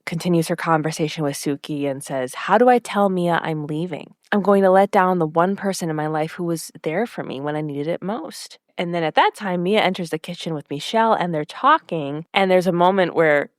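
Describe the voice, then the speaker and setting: A woman's voice: on the low side, brisk, hardly any pauses, no echo, studio quality. A woman co-hosting a podcast, retelling scenes in casual chat and acting out the lines with frequent laughs. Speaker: podcast co-host.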